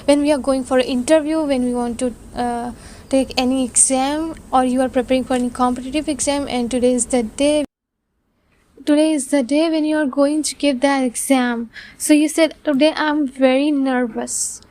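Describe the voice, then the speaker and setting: A woman's voice: high-pitched, fairly even intonation, moderate pace, mellow. A woman teaching English vocabulary in an online lesson, explaining patiently with many fillers and restarts.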